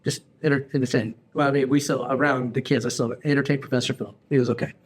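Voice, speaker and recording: A man in his forties hosting a casual podcast chat, telling stories in an animated, slangy way and calling people bro and dude. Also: medium pitch, quick pace, husky. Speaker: podcast host.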